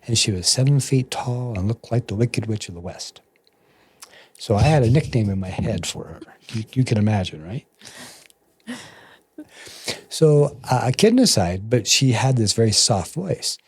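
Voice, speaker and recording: Man, low voice, husky, animated storyteller, interview guest. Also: moderate pace, pauses often, no room sound. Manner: animated, acts out quotes with jumps in pitch. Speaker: guest, massage therapist and energy bodyworker.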